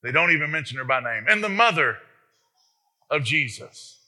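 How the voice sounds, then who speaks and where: A pastor with a medium-pitched, slightly rough voice preaches a sermon at a moderate pace. He is animated and emphatic, often addressing the congregation directly with rhetorical questions.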